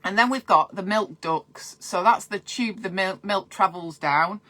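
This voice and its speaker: Bright-voiced chatty midwife. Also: female voice, mid-range voice, a little slow. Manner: chatty and digressive, breaks off to read viewer comments. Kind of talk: live-streamed breastfeeding advice.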